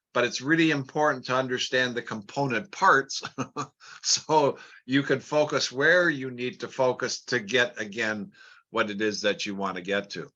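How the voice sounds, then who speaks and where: A man's voice: on the low side, bright, forceful tone, dull audio. A man explaining a business plan chart step by step, plain and repetitive, often restarting words. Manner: plain, repeats words, talks through numbers step by step. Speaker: business trainer.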